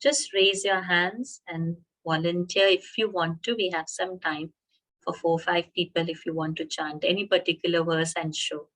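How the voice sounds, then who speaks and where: A woman teaching an online chanting class, patiently explaining pronunciation and chanting slowly over a video call. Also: lowish voice, fairly even intonation, a bit bright.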